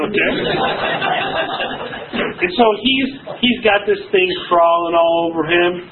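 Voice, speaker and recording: Man, pastor, higher voice, lively sermon delivery, church service, tinny lo-fi recording. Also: takes it slowly, pauses often, crowd noise. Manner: lively preaching with Bible readings and stories. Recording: tinny phone-like recording with faint noise.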